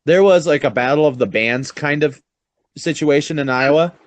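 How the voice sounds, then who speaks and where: A young man co-hosting a podcast, telling animated stories and swearing casually. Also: fairly high pitch, normal speed. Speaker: podcast co-host. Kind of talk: casual chat.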